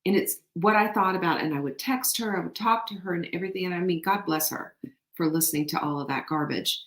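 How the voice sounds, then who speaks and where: Woman host, low-ish voice, fervent pep talk, roomy echo. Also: fast talker. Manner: animated, emphatic, faith-inspired encouragement. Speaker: show host. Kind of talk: motivational talk. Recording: echoey room.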